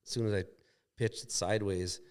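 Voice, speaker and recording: Low-voiced man telling a racing story. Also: steady tone, a little fast, a little mellow, smooth. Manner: rambling, profane, acts out quoted dialogue. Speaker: podcast guest. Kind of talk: casual storytelling. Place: shop.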